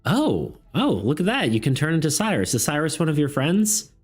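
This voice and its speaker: A man's voice: fairly high pitch, wildly swooping pitch, normal speed, husky, soft background music, pitched above the performer's own voice, full character voice. A man voicing a kindly, motherly woman cleric healer who speaks in a soothing, hesitant way. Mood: cheerful. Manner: soothing, hesitant, calls people sweetheart.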